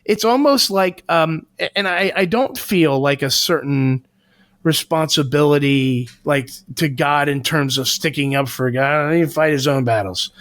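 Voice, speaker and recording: This podcast co-host has a fairly high, slightly bright voice and an unhurried delivery. Earnest and groping for words, he works through a casual discussion on a dry, clean studio recording.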